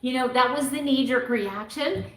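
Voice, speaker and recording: A woman in her fifties talking to her viewers in a heartfelt personal vlog about her diet journey, animated and slipping into other people's voices when she quotes them. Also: sits high, moderate pace, echoey room. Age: 50s. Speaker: keto vlogger.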